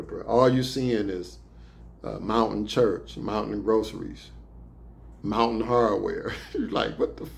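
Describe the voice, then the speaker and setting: A man's voice: fairly low pitch, creaky, darkish tone. A man casually telling stories about prison transport and life inside, in loose streetwise slang with plenty of swearing. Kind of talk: casual storytelling.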